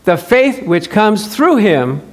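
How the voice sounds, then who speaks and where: A high-pitched man preaches with lively energy, firing rhetorical questions at his listeners. He slips into quick acted-out exchanges to drive his points home. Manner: animated, acts out dialogue, rhetorical questions to congregation. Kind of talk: sermon.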